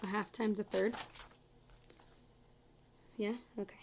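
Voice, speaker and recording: A woman's voice: mid-range voice, little pitch movement, slow pace, creaky, noisy background. A woman teacher talking children through a math lesson as she draws, chatty and apologetic, counting aloud as she goes. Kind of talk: casual math lesson to kids.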